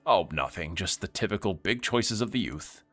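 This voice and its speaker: A man putting on a pompous middle-aged magistrate in a narrative game, boasting about his daughter in a falsely jovial, raised voice. Big swings of pitch keep it showy. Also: expressive, moderate pace, a bit bright, faint music behind.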